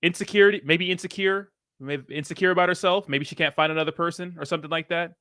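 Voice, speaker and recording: A man's voice: a little high, steady tone, fast talker, bright, forceful tone, dry recording, clean studio sound. A man giving casual reaction commentary on a played clip, blunt and full of profane slang. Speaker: reaction streamer.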